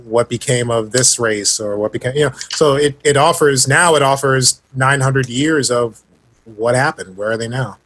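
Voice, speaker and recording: A man's voice: medium pitch, normal speed, fairly bright tone, a little hiss or hum. A man chatting casually on a podcast, laid-back and fond of jokes and puns. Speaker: podcast co-host. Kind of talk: casual chat.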